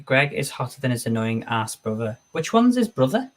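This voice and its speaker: A man's voice: medium pitch, sing-song, moderate pace. A man hosting a casual live stream, chatting away as he reads viewer comments aloud and answers them. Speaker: streamer host.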